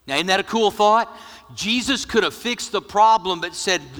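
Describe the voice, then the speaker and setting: A middle-aged male pastor preaching with jokes, swinging between loud emphasis and hushed near-whispers. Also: high-pitched, normal speed, long reverb tail. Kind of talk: sermon.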